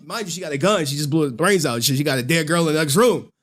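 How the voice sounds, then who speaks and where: A male streamer talking casually, swearing freely and slipping into voices to act out scenes. His delivery is lively and loose, like chatting with viewers. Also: fairly high pitch, brisk, hardly any pauses. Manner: animated, profane slang, acts out scenes with voices. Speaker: streamer recapping a horror movie.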